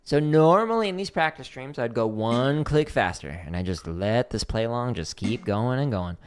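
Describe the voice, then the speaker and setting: A man casually talking through a drum practice stream, explaining relaxed with a dry, deadpan humor. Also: medium pitch, normal speed, slight background noise.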